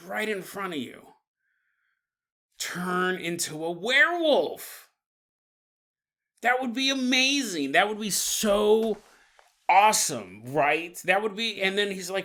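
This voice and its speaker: A man with a high, pushed, bright voice hosts a paranormal podcast. He riffs comically through a monologue, acting out little scenes and laughing often.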